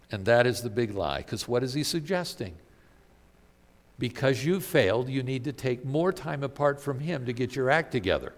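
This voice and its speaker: Animated preacher man in a reverberant hall. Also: medium pitch, normal speed. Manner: animated, emphatic preaching with rhetorical questions. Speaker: pastor. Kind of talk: sermon.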